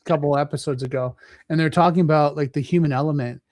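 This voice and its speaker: A man hosting a podcast interview, talking casually and acting out scenarios with lively quoted voices. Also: on the high side, fast talker, no room sound, studio quality. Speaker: podcast host.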